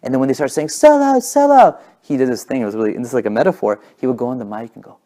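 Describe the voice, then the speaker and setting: A man telling stories in a casual talk, talking fast and animated, sometimes dropping to a whisper for effect. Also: medium pitch. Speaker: guest speaker.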